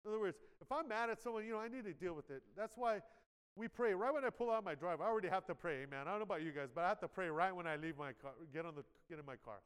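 In a large, reverberant church sanctuary, a male pastor with a high, smooth voice preaches a live sermon very fast. Conversational in style, he often asks "amen" and checks in with the audience, acting out quoted inner voices with dramatic shifts in loudness.

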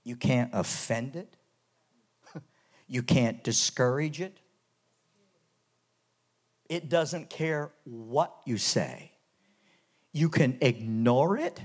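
A man from Canada preaching a revival sermon in church, dropping to hushed lows and rising to loud, soaring highs. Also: drawn-out words, pauses often.

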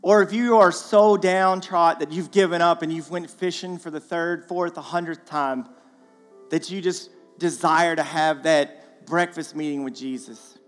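High-voiced man preaching in a reverberant hall. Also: measured pace. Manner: animated, conversational preaching with playful asides. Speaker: guest speaker. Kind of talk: sermon. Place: church sanctuary. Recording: long church hall reverb, faint music.

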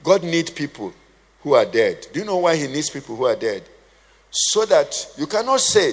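A man's voice: on the high side, very animated, normal speed. A man preaching a sermon, conversational and humorous, quizzing his congregation with questions. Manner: humorous asides. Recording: long hall reverb.

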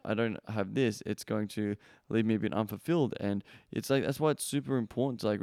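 A man's voice: fairly low pitch, vocal fry, a little mellow, no echo, clean studio sound. A young adult man hosting a podcast, giving casual advice in a blunt, profane way with lots of fillers. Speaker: podcast host.

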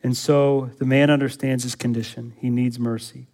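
In a church, a male pastor delivers a sermon, posing rhetorical questions to the congregation before rising to loud, urgent exhortation. His medium-pitched voice barely moves in pitch and keeps a moderate pace.

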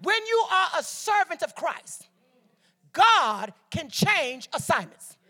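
A woman's voice: extremely high pitch, big pitch swings, slow, pushed and bright. A woman from Detroit preaching a sermon as a guest speaker, calling on the congregation to answer back and telling stories along the way. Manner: call-and-response preaching, storytelling asides.

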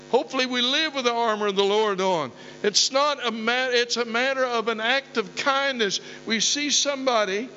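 An older man preaches a sermon in a high-pitched voice, swinging from folksy storytelling to emphatic calls. The recording is dull, with a long reverb trailing in a big hall and a faint hum underneath. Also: pushed and bright. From southeastern Oklahoma. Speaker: pastor. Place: church hall.

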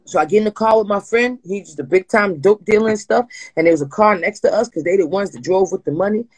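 A woman's voice: mid-range voice, fast talker, a little mellow, husky, rough recording. A woman from New Jersey with a New Jersey accent, telling a comic story in a casual podcast chat, acting out voices and laughing often. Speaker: co-host.

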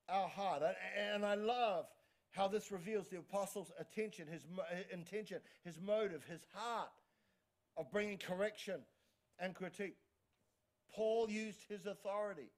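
Delivering a sermon from the pulpit, a man with a high, bright voice speaks energetically. He often stammers and restarts words, and keeps asking the room for amens.

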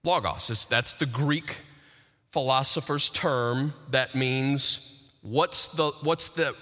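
A man preaching a sermon, building to emphatic peaks with dramatic pauses. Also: mid-range voice, sharp tone, in a large hall. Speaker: pastor.

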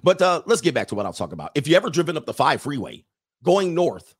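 A man's voice: on the high side, sing-song, fast, slightly rough. A man hosting a livestream in a casual, rambling monologue, joking along and reading out viewer comments. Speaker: livestream host.

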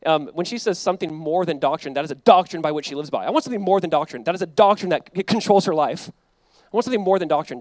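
Casting note: a high-voiced man preaching, loose and chatty, quotes acted out, dry close sound. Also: fast, a little mellow, no echo. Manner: conversational preaching, acts out quoted voices, frequent "like". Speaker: pastor. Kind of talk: sermon.

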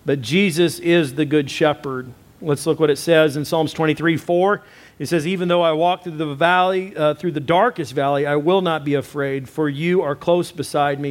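A man's voice: a little high, steady tone, moderate pace. A man, a pastor, preaching a sermon with emphatic repetition and direct appeals to his listeners.

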